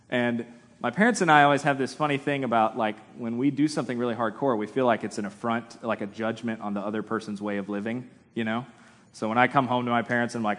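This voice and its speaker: A man's voice: medium pitch, fairly bright tone. Conversational male preacher in echoing hall. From United States. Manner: conversational, self-deprecating humor. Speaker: pastor. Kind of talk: sermon. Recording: long hall reverb.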